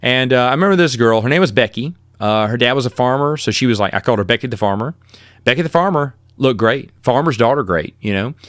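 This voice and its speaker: A middle-aged man hosts his own podcast, telling rambling, self-deprecating stories in a casual, animated way and talking fast. Whenever he quotes himself, his pitch jumps suddenly high, and the sound is dry and studio-clean.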